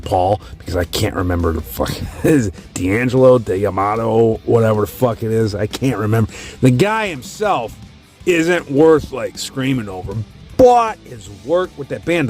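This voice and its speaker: A man casually ranking music in a profane, opinionated rant. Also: medium pitch. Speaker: host.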